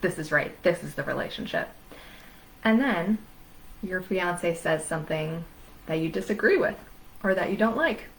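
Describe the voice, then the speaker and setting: A woman's voice: mid-range voice, low-quality recording. A woman therapist giving an educational talk on anxiety, speaking emphatically and listing words in rhythmic runs.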